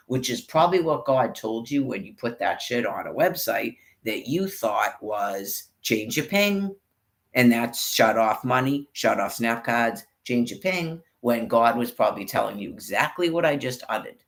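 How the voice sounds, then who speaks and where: A man delivering an angry, rambling monologue, swearing constantly as he rants. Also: mid-range voice. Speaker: vlogger. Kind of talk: profane ranting monologue.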